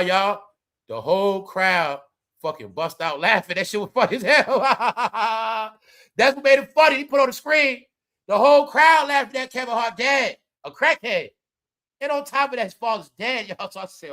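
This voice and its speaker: Animated high-voiced male commentator. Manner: animated, slangy, keeps addressing the audience. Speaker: commentary vlogger. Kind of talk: casual commentary.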